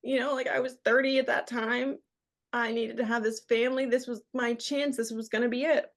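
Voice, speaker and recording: A woman in her thirties talks briskly in a fairly high voice with fairly even intonation. As a radio host guesting on a podcast, she candidly relates an emotional personal experience, quoting others often.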